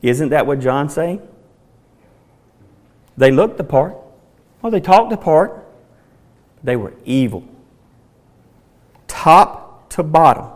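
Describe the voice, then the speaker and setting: Emphatic high-voiced male preacher. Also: animated, slow pace, pauses often. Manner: emphatic, dramatic rereading of quoted lines. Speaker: pastor. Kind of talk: sermon.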